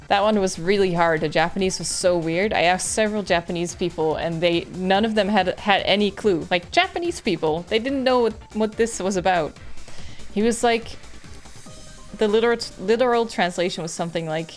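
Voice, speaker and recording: A woman's voice: medium pitch, normal speed, faint music behind. A woman playing a mystery game, narrating it and chatting casually about her translation. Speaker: gaming YouTuber. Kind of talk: let's play commentary and narration.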